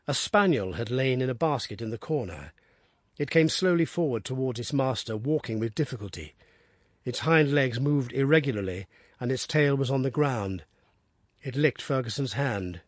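A man reading an audiobook aloud with steady, descriptive storytelling. His pitch moves lively through the sentences, and the recording is close and dry with no room echo. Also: normal speed. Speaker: narrator. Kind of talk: audiobook narration.

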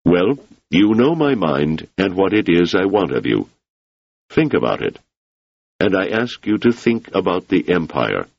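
Joranum: a man doing a pushy, driven politician, husky and gravelly, a bit higher than the reader's own low voice. Dull, dry studio sound. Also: sing-song, a little slow, no echo, full character voice. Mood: insistent. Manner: insistent, urging. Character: ambitious, intense male politician, persuasive and forceful.

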